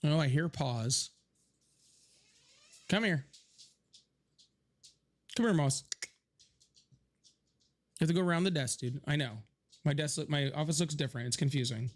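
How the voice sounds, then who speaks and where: Young man, streamer, fairly high pitch, casual swearing, home office chat. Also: unhurried, pauses often. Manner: chatty, swears casually, thanks viewers by name. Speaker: livestream host.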